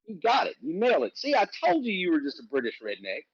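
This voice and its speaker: A man with an Alabama Southern accent jokes and teases his way through a relaxed livestream chat. His pitch rises and falls a lot, and the sound is dry but dull and lo-fi, like call audio. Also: fast talker, husky, no echo. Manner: joking, teasing banter. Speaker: livestream host. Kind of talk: casual chat.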